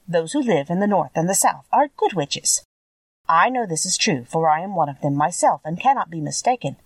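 A woman voicing a small, wrinkled, kindly old good witch who speaks sweetly and calmly, with a gentle assurance. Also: fairly low pitch, dry recording, distant mic, low-quality recording.

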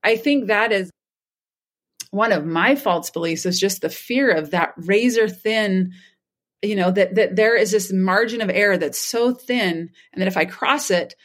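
A woman's voice: mid-range voice, a little slow. A woman therapist speaks as a guest in a casual podcast conversation. Her voice sits in the middle range, and she explains ideas in a thoughtful, reflective way.

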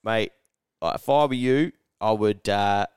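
A man's voice: lowish voice, unhurried, darkish tone, clean tone, no echo, clean studio sound. A young man with a New Zealand accent, co-hosting a podcast and telling a story in casual chat, swearing often and acting out his own thoughts. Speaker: podcast co-host.

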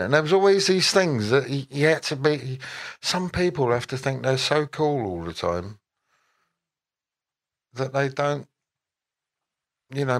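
An older man, a musician guest at a Q&A, giving relaxed and rambling answers with wry asides and frequent self-corrections. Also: mid-range voice.

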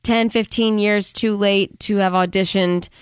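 A woman's voice: medium pitch, fairly even intonation, a little slow, clear, resonant tone, no echo, studio quality. A woman co-hosting a casual podcast, chatty and sarcastic, acting out characters' lines as she recaps a movie. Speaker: podcast co-host. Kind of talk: casual chat reviewing a movie.

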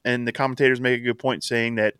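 A man's voice: mid-range voice, little pitch movement, fast, a bit bright, clean tone, no room sound, clean studio sound. A man co-hosting a casual wrestling podcast, recapping in a chatty way and laughing as he acts out quotes. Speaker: podcast co-host.

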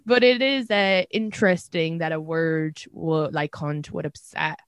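Irish woman comic, podcast host, animated, dry mic. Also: measured pace, clear, resonant tone, no room sound, dull audio. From Ireland. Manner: animated, acts out quotes in a high voice. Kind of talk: casual chat.

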